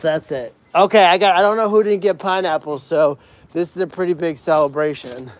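High-voiced man gushing over animals. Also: fairly quick. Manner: gushing, chatty, coos baby talk to the animals. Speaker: animal sanctuary livestream host. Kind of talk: casual live stream chat. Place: indoor barn with animals.

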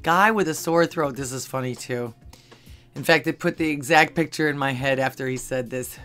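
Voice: medium pitch, moderate pace, fairly bright tone, soft background music. Dry-witted host reading funny posts aloud. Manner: dry asides between readings, chuckles at jokes. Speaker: channel host. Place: home in Texas.

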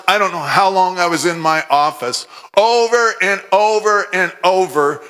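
A man from Oregon giving a humorous, animated testimony sermon, with scripture recited fervently. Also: high voice. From Oregon, USA. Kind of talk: storytelling sermon.

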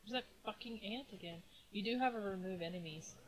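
A woman's voice: mid-range voice, brisk. A woman chatting casually over a let's play, retelling a story and giving the player directions. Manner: chatty, giggly, backseat directions. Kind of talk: casual gameplay chat.

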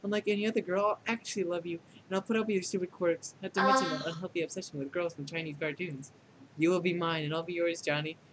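A man's voice: quick pace, noisy background, close to an everyday voice. A man voicing a condescending, clingy female AI program in a fan dub of a dating game, with mocking, clinical put-downs. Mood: possessive. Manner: deadpan scolding that tips into shrill outbursts.

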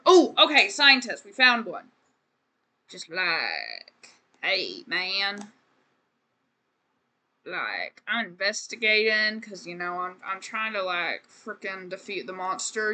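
A woman's voice: medium pitch, bright, forceful tone. A woman streamer giving casual gameplay commentary, rambling and joking as she talks to the game characters.

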